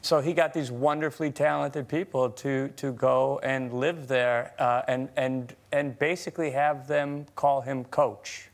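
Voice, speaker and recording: Hesitant man explaining, full of pauses. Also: mid-range voice, fairly even intonation. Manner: hesitant, many fillers while explaining. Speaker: guest actor. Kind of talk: chat show interview. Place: TV studio.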